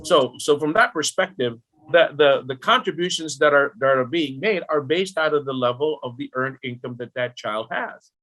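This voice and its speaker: A middle-aged man explaining retirement planning as a podcast guest, lively and full of rhetorical questions aimed at the listener. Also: a little high, normal speed. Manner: animated, rhetorical questions, talks directly to the listener.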